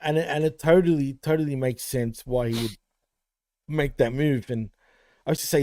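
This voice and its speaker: Heartfelt rambling man, mellow voice. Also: medium pitch, fairly even intonation, normal speed, slight background noise. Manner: heartfelt, rambling, many fillers. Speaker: podcast co-host. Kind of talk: casual podcast tribute.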